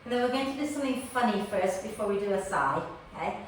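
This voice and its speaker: Gentle yoga teacher in an echoey room. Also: female voice, mid-range voice, expressive, fast, far from the mic, a little hiss or hum. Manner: gentle, tags nearly every instruction with "okay?". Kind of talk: online prenatal yoga class instruction. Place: room recorded for an online class.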